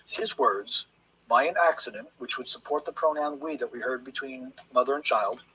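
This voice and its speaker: A man working as a statement analyst, teaching in a measured, emphatic way how to read interview language. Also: a little high, pushed and bright, breathy edge, poor audio. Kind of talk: explanatory lecture on interview language.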